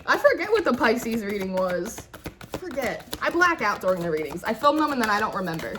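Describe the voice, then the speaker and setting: Young woman doing a tarot reading, chatty and giggly, kinda high voice. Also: very animated, a little fast, background noise. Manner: chatty, giggly, says "right?" often. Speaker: tarot reader.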